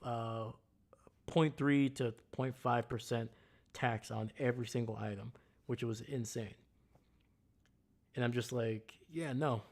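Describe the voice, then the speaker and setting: A man hosting a casual live stream, ranting bluntly and heatedly about sports. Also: medium pitch. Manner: greets chat viewers loudly. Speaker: livestream host.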